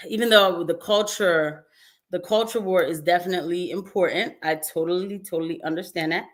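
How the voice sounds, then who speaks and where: A young adult woman hosting a casual commentary livestream, chatty and animated, with frequent laughs and asides to her viewers. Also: lowish voice, moderate pace. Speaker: livestream host.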